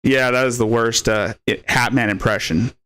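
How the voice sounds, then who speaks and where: A man hosting a live stream, mocking a clip with crude, profane commentary, laughing and shouting insults. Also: medium pitch, steady tone, normal speed, smooth, dry recording. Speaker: stream host.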